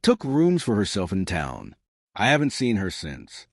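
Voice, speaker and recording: A man's voice: on the low side, wildly swooping pitch, unhurried, no room sound, studio quality, exaggerated voice. A man reading the part of an anxious middle-aged wife in an audiobook, earnest and pleading.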